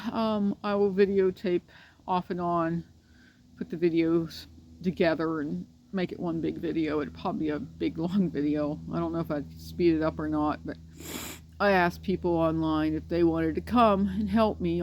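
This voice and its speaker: Tearful, halting woman vlogger. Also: deep voice, fairly even intonation, muffled recording, slight background noise. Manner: halting, hesitant, with many fillers and restarts. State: tearful, grieving. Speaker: pet owner vlogger. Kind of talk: casual personal vlog. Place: beside her dog's pen.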